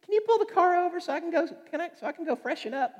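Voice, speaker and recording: A man voicing his fussy middle-aged mother in a quick, high falsetto during a sermon. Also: animated, darkish tone. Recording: long hall reverb.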